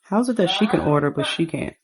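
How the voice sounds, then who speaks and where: Low-voiced woman chatting over a game. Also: animated, fast, slightly rough. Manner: chatty, rambling, narrates as she plays. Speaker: game streamer. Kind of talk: casual game commentary.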